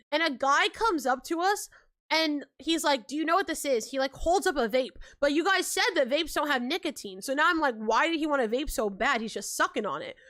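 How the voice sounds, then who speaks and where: A woman's voice: sits high, fairly bright tone. A young woman from California chatting casually on a livestream, telling stories with lots of "like", acting out quotes and laughing often. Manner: says like a lot. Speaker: livestream host.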